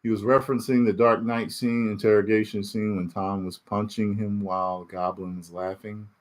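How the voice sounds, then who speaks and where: A male YouTube reviewer with a fairly low voice and normal speed reads chat questions out loud in a laid-back spoiler discussion. Lively and laughing, he alternates between loud bursts and muttering.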